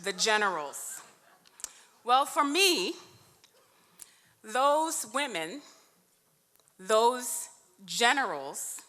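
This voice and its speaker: Woman, award acceptance speech, emphatic, heartfelt, forceful bright tone, long hall reverb. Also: a little high. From New York, USA. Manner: emphatic and heartfelt, stretching key words. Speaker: award honoree and union vice president. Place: large event hall. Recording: echoey hall.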